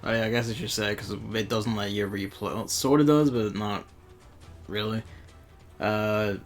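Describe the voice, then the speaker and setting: Gravelly, sweary man streaming games. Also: fairly low pitch, steady tone, normal speed, soft background music. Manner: rambling, offhand, sweary. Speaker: streamer playing a mobile game. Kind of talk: casual gaming stream chat.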